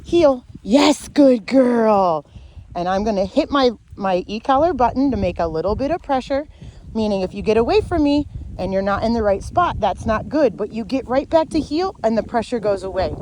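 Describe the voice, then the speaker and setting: A woman's voice: on the high side, expressive, brisk, a little mellow, a little hiss or hum. A woman dog trainer walking a dog outdoors, explaining each step of her method to viewers and stopping to praise the dog. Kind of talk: instructional demonstration while walking a dog.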